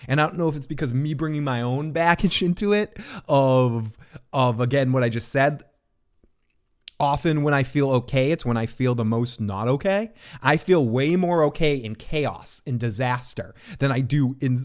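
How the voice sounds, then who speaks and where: A man giving a casual, rambling spoiler recap of a TV episode in his apartment, excitable and swearing, his pitch jumping when he gets worked up. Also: normal speed. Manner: rambling, restarts often. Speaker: TV recap reviewer.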